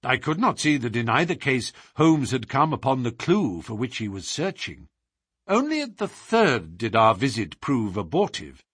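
A man narrating a classic story in a steady storytelling manner. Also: mid-range voice, normal speed, husky, no room sound, studio quality.

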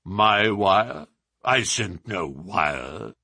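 A man's voice: fairly low pitch, lively intonation, extremely slow, pushed and bright, slightly rough, no echo, voice pushed down, exaggerated voice. A man voicing a big, pompous male country vicar who speaks indignantly.

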